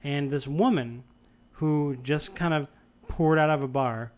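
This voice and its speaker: A young man from the Boston area telling a long anecdote in casual chat, rambling and animated, with many restarts. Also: on the high side, measured pace. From Boston area, USA.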